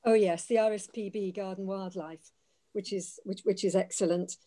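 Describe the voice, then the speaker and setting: A woman panellist on a botany webinar, talking in an enthusiastic but halting way and repeating words. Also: medium pitch, steady tone, dark tone. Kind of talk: casual webinar answer.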